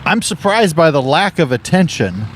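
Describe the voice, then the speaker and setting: Male comedy co-host, giggly, slightly high voice, loose banter. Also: very animated, slight background noise. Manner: giggly, quick to laugh. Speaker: podcast co-host.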